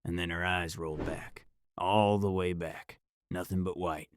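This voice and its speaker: Low-voiced man narrating horror, dry sound. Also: fairly even intonation, dry recording. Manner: dramatic, measured, first-person. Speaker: storyteller.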